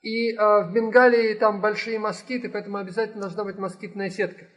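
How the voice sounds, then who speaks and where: A man interpreting a talk phrase by phrase, quick and with small restarts. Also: high-pitched, little pitch movement. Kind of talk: consecutive translation of a talk.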